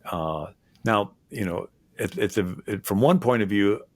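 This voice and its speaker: A historian guest talking in an interview, rambling with many fillers and restarts. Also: male voice, on the low side, a little slow, no room sound. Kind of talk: conversational interview.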